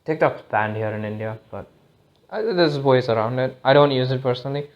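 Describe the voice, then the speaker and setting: A man's voice: medium pitch, fairly quick, dull audio. Rambling, swearing male podcast host. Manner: rambling, profane, restarts often. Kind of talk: casual solo podcast monologue. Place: lives in India.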